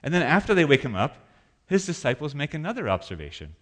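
A man preaching a sermon as pastor in a church, animated, acting out panicked voices. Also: fairly high pitch, quick pace.

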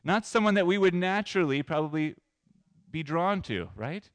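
A man pastor preaching a sermon in an animated way, moving between loud emphasis and soft asides. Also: high voice, normal speed, dry recording.

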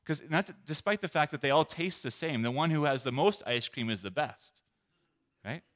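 Animated male preacher acting out scenes. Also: on the high side, normal speed. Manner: animated, acts out scenes, asks the audience questions. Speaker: pastor. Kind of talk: sermon.

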